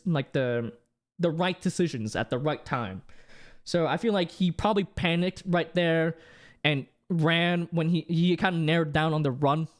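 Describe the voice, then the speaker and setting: Animated young male streamer chatting. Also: sits high. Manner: rambling, many restarts and fillers, bursts of laughter. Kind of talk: casual live-stream chat.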